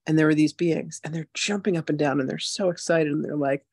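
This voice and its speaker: A woman's voice: sits low, brisk, husky, no room sound, studio quality. Chatty woman in her sixties, storytelling. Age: 60s. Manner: chatty, animated, frequent "like" and "you know". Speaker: spiritual teacher hosting a masterclass. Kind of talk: casual personal storytelling.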